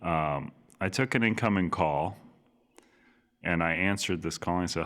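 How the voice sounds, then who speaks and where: A soft-spoken man co-hosting a podcast, telling stories in casual chat. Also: sits low, moderate pace. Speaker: podcast co-host.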